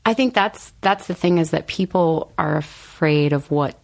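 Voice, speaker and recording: A woman author as a podcast guest, talking in a thoughtful, relaxed way, often laughing and hedging with fillers. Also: deep voice, a little slow, creaky. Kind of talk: casual conversation.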